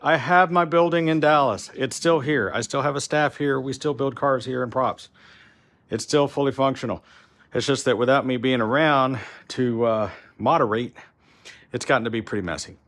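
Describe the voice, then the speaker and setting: A man's voice: mid-range voice, normal speed, fairly bright tone. A man giving a casual, rambling tour of his large warehouse workshop, sounding frustrated and often restarting his sentences. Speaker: shop owner giving a tour. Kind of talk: casual vlog walkthrough.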